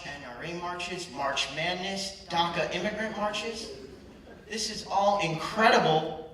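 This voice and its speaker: A man's voice: sits high, bright, forceful tone. A young man in his twenties performing stand-up comedy, working the crowd with punchy, ironic delivery. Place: large hall at a live culture show. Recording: echoey hall, far from mic, crowd noise. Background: audience reactions and hall ambience.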